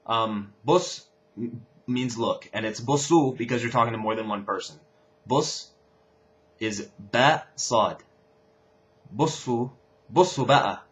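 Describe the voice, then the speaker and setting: A young man giving a casual language lesson, explaining phrases and repeating examples with lively stress. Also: mid-range voice, measured pace, long pauses. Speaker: language teacher.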